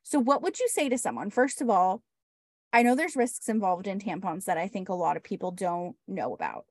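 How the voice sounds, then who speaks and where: A woman's voice: medium pitch, big pitch swings, fairly quick, no echo, studio quality. A woman hosting a podcast, chatting casually in an upbeat, emphatic way. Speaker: podcast host. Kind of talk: casual chat.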